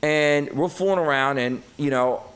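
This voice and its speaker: A middle-aged man, talking at a slightly higher pitch than most men. He spins a profane, animated story and jumps in and out of quoted voices. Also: normal speed. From Brooklyn, New York. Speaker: guest. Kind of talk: casual storytelling.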